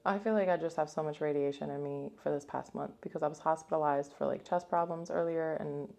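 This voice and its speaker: A young woman tells a personal story to her camera in a loose, chatty way, acting out what others said. Her voice sits low and mellow, with a gravelly rasp, and she sounds shaken by the events. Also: brisk. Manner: chatty, animated retelling full of "like". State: upset and shaken. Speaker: vlogger. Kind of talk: casual storytime vlog.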